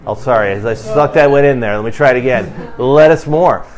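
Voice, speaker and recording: A man preaches a sermon at a quick pace, talking conversationally as a pastor. He builds to emphatic bursts and then sinks low and quiet.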